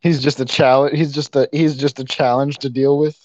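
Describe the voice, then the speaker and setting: A man's voice: mid-range voice, flat delivery, a little fast, darkish tone, no room sound, lightly acted. A man voicing a brash, tough-talking old megalodon shark with a transatlantic accent, ending his lines with "see?". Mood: tough boasting. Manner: gangster-style, tags lines with "see?". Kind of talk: comedy podcast role-play. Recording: muffled lo-fi audio.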